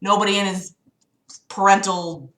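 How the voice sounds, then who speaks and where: In an echoey room at home, a young woman with a slight cough runs a casual livestream where she chats, swears a lot and reads a friend's book out loud. Her mid-range voice is steady and fairly bright, at a moderate pace. Her manner is chatty, profane, fretful and giggly.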